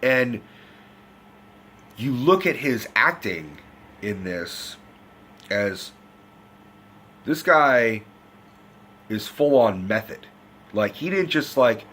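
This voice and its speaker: A man from the United States giving a loud, profane, rambling movie review in a casual rant. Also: on the low side, animated, slow, pauses often, slightly rough. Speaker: film reviewer.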